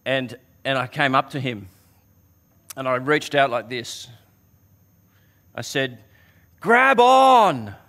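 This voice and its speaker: Bright-voiced preacher, man. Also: medium pitch, fairly even intonation, slow pace, long pauses. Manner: earnest, conversational storytelling with repeated restarts. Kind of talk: sermon.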